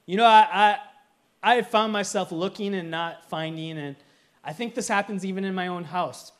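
A man's voice: high voice, normal speed, a bit bright. A man preaching as a pastor in a church, earnest and emphatic, now and then slipping into playful humor. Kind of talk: sermon.

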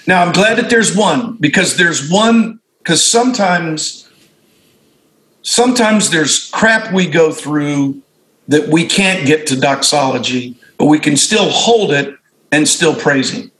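A man's voice: a little high, animated, slow pace, fairly bright tone, reverberant, poor audio. A middle-aged male pastor telling stories in a reflective conversation, often restarting and correcting himself. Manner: reflective storytelling with frequent restarts and self-corrections. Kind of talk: conversational discussion among fellow pastors.

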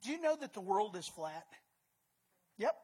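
A woman preaching a sermon, emphatic, repeating words and swinging between loud and soft. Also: mid-range voice, very animated, unhurried, husky.

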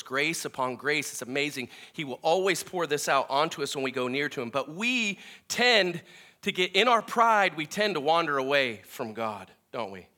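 Bright-voiced earnest preacher man. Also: a little high. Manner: earnest, emphatic preaching with frequent restarts and wide swings in loudness. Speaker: pastor. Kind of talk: sermon.

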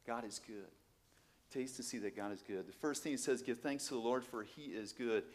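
Male preacher, middle-aged, animated, emphatic, rhetorical questions, mid-pitched voice. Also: normal speed, in a large hall. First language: Portuguese. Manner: animated, emphatic, swings from low asides to loud exclamations, rhetorical questions. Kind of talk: sermon.

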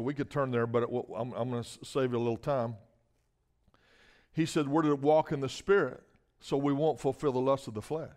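Guy preaching, mid-pitched voice, gets loud and fired up, keeps asking amen. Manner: emphatic, repeats words, asks "Amen?". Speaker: guest preacher. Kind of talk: sermon.

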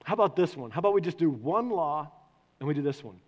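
A man preaching a sermon to a congregation, animated and putting questions to the listeners. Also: on the high side, quick pace, muffled recording. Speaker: pastor. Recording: long hall reverb.

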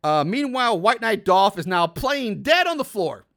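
A young man with a high-pitched voice walks through a film's plot in casual podcast chat. He breaks off into incredulous, laughing asides and swears freely. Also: very animated, normal speed, fairly bright tone. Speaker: podcast host recapping a film. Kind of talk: casual movie recap.

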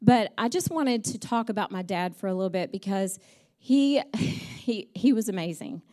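A woman's voice: medium pitch, animated, normal speed, dark tone. Chatty woman telling family stories. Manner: chatty and heartfelt, with many ums. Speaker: church speaker. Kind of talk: personal storytelling message.

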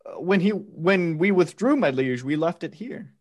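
A man voicing a loyal lord who answers the king. His voice sits a little high and his pitch rises and falls a lot. The delivery is plain and respectful. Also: animated, moderate pace, darkish tone. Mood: deferential. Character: loyal male nobleman attending the king. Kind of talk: play reading.

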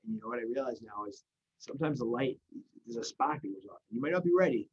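A man speaks fast and earnestly, often restarting his sentences. His voice is husky and slightly rough. The recording sounds dull and lo-fi. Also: mid-range voice, lively intonation. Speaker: guest in recovery. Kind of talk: casual conversation.

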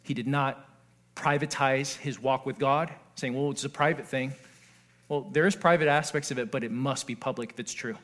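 An earnest man preaches as pastor at a moderate pace and medium pitch. His sermon alternates between intimate, hushed stretches and excited exclamations, with jokes aimed at the congregation.

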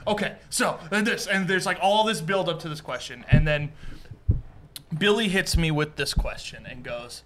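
A man's voice: on the high side, normal speed, background noise. A man co-hosting a casual podcast, telling a story and acting out his friends' lines. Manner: storytelling, acts out friends' voices. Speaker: podcast co-host.

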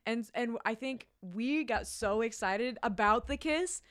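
A woman's voice: on the high side, a little slow, a bit bright. A young woman in casual podcast chat, laughing often and chiming in with crude jokes about a movie. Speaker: podcast co-host.

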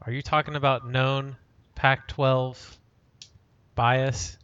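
A man co-hosting a casual sports podcast, tossing in quick joking asides. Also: mid-range voice, little pitch movement, fairly bright tone, clean tone, no room sound, lo-fi sound. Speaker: podcast co-host. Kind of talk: casual chat.

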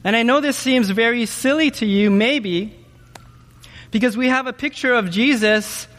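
A man preaching a sermon in an animated way, often asking his listeners questions and checking in with them with "okay?". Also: very high voice, moderate pace, big-room sound. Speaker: pastor.

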